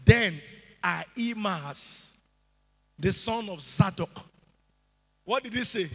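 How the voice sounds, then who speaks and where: A man preaching a sermon to a church, animated and sing-song, at times rising to shouts. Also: sits high, takes it slowly, creaky, pauses often, slightly rough. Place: church hall. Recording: echoey hall with music behind.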